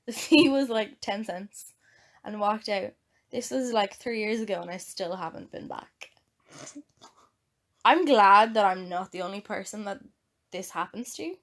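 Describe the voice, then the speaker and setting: A woman's voice: mid-range voice, a little slow, long pauses. A young adult woman with an Irish accent, co-hosting a podcast and telling stories in casual chat, laughing often. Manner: laughing, animated storytelling. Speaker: podcast co-host.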